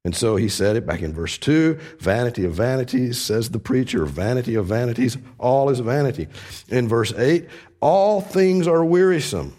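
A man's voice: mid-range voice, animated, normal speed, a little mellow. A man preaching a sermon, explaining scripture with earnest, emphatic repetition.

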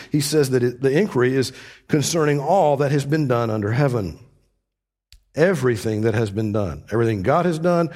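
A man's voice: fairly high pitch, a little mellow, breathy edge. A man preaching a sermon, explaining scripture with earnest, emphatic repetition.

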